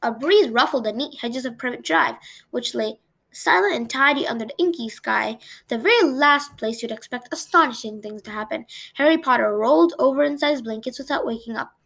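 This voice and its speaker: A woman reading a novel aloud in a plain, steady storytelling manner for her channel. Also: fairly high pitch, fairly quick, gravelly. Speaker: read-aloud channel host.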